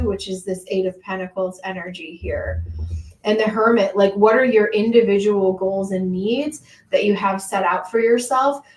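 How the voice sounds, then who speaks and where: Woman, tarot reader on a live stream, mid pitch, loose and reassuring, echoey room. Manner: casual, reassuring, hesitant with many fillers.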